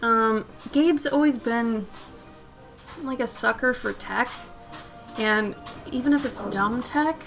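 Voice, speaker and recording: Female streamer, high and unhurried, soft rambling casual chat, desk mic, faint music behind. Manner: chatty, soft-spoken, drifting between asides. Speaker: live-stream artist host. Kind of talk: casual chat while drawing.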